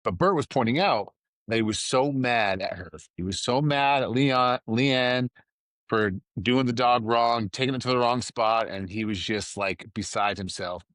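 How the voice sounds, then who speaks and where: A man's voice: mid-range voice, a little slow, fairly bright tone, no room sound, clean studio sound. A man hosting a podcast on his own, talking in a loose, rambling, conversational way with lots of asides. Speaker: podcast host. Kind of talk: casual solo chat.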